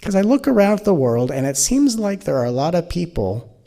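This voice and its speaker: A man giving an animated, playful spiritual talk as a teacher, often slipping into mocking voices. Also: high-pitched, moderate pace, vocal fry.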